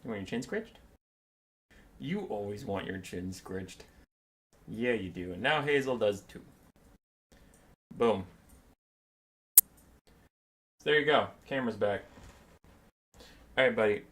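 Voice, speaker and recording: A man chats casually on his live game stream in a playful way. His pitch moves around a lot, and he keeps switching into high baby talk with his dog and cat. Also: expressive, unhurried, long pauses, fairly bright tone.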